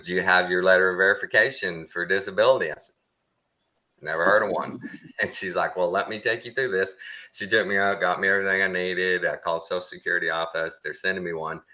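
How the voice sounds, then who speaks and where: A man's voice: sits low, rough recording. A man with a Texan accent, chatting casually and acting out the people in his stories. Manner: animated storyteller, acts out quoted people. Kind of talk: casual chat.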